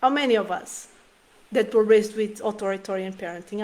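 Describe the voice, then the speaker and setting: A woman's voice: mid-range voice, brisk, a little mellow. A woman in her thirties giving an earnest, emotional talk on parenting straight to the camera, often restarting her sentences. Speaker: parenting vlogger.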